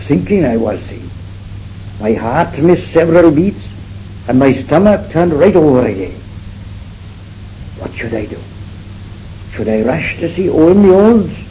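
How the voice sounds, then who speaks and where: A man's voice: fairly high pitch, warm tone. A man with a Welsh accent playing a fretful, gossiping housewife in a comic monologue. He is flustered and breathless and keeps repeating himself. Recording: dull old recording with faint hiss.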